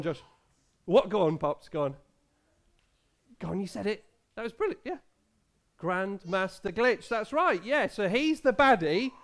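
A man in his thirties, a pastor leading a playful quiz with children in a church service. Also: sits high. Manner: playful, quizzing the children, many restarts and laughs. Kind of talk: family service talk with children. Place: church hall.

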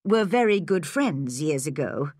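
A woman's voice: sits low, sing-song, unhurried, darkish tone, breathy edge, dry recording, clean studio sound, full character voice. A woman reading a storybook, voicing a tired, worried older farm woman in a subdued way. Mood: reflective.

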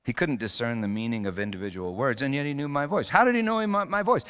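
A middle-aged male pastor preaching a sermon, telling stories with sudden loud bursts and quiet drops. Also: mid-range voice, fast, hardly any pauses, clean tone, in a large hall.

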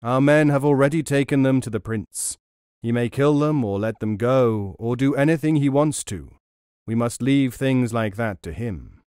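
A man's voice: mid-range voice, moderate pace, a little mellow, clear, resonant tone, no echo, clean studio sound, lightly acted. A man voicing a courteous, confident adult male leader of a band of men in an audiobook. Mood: firm.

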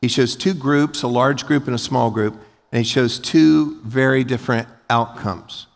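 Man, pastor, emphatic sermon, mid-pitched voice, long church-hall reverb. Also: unhurried, vocal fry. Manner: emphatic, rising to loud peaks; folksy, acts out short everyday scenes. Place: large church sanctuary.

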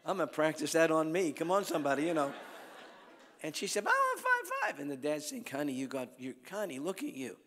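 A middle-aged male evangelist preaches a revival sermon at a fairly quick pace, telling animated stories. He jumps into squeaky voices when quoting the people in them. The large church hall gives a long reverb.

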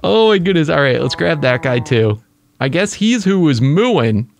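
Excitable gravelly man gaming. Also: medium pitch, measured pace. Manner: excitable, exclaims at creatures. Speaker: let's play gamer. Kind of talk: casual gaming commentary.

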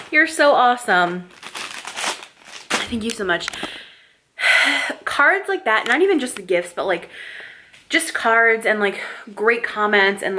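A young woman vlogging to her camera at home at night, gushing and excitable, peppering her talk with "like". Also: medium pitch. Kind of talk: casual vlog talk to camera. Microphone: camera mic, handheld and tripod.

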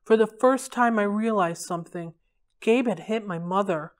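A woman reading a novel aloud for a library read-along, in a steady, clear storytelling manner. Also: medium pitch, moderate pace.

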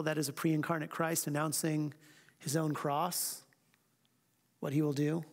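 High-voiced pastor in a reverberant church. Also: male voice, level tone. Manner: reads scripture slowly and emphatically, then talks quickly and casually. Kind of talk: teaching a church Bible class.

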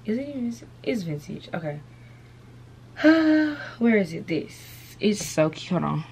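A woman's voice: mid-range voice, sing-song, unhurried, darkish tone, breathy edge. A young woman chatting casually to her camera at home, full of slang and "y'all". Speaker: vlogger.

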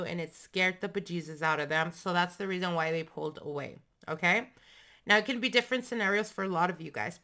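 A woman's voice: mid-range voice, sharp tone. A young adult woman giving a casual, chatty tarot reading, talking frankly and swearing now and then. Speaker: tarot reader.

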